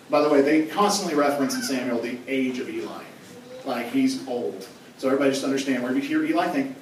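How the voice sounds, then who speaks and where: A man's voice: medium pitch, fast, slight background noise. A young man, a youth pastor, giving a casual, joking sermon in a large church hall. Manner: casual, joking, conversational preaching. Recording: echoey hall from far off.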